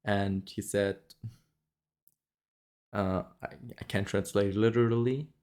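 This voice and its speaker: Low-voiced man telling a story casually. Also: steady tone, a little slow, a little mellow. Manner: rambling, many fillers and restarts, frequent laughs. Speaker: vlogger.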